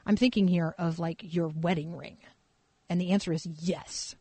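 A woman's voice: on the low side, normal speed, slightly rough, dry recording. A woman pastor tells a story in a loose, conversational sermon, with plenty of fillers. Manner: casual, animated storytelling with fillers.

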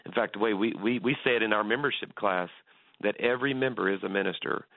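Over a dry, tinny phone connection with no room sound, a pastor talks fast as a radio interview guest. His voice is fairly low and creaky. He tells stories earnestly, with many restarts.

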